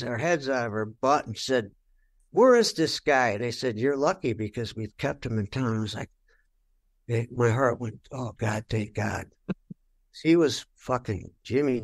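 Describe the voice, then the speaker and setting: An older man giving a candid interview, telling stories bluntly and with a lot of swearing, and acting out what he said back then. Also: mid-range voice. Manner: blunt, profane, acts out his own past remarks. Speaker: rock guitarist interviewed.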